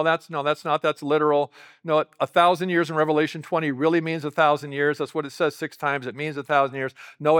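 A male pastor delivers a teaching sermon in a voice pitched a little above the usual. He works through the passage conversationally and keeps putting rhetorical questions to the congregation. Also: fairly bright tone.

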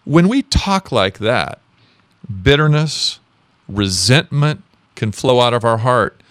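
Lively preaching man. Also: medium pitch, slow pace, clear, resonant tone, no room sound. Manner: lively preaching with questions to the congregation. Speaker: pastor. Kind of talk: sermon.

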